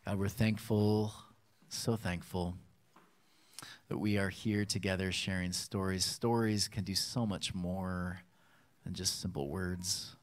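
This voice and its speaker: Male pastor, lowish voice, animated storyteller, acts out voices in a sermon. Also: takes it slowly.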